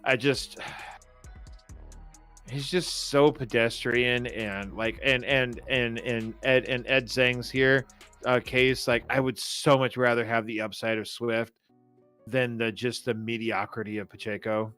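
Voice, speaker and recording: Guy on a podcast, mid-pitch voice, keeps jumping in, faint music in the back. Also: little pitch movement, slow, fairly bright tone, clear, resonant tone. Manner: eager, keeps cutting in to make his point. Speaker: podcast co-host. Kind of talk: casual chat.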